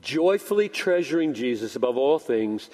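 A man's voice: mid-range voice, moderate pace. Older male pastor preaching in a hall. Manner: animated storytelling, acts out both sides of a dialogue. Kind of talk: sermon. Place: church sanctuary.

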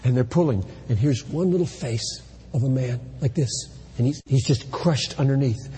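A man's voice: medium pitch, normal speed, slight background noise. Impassioned male preacher in a reverberant sanctuary. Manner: impassioned, rising to shouts at emotional peaks. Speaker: pastor. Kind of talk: sermon. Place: church sanctuary.

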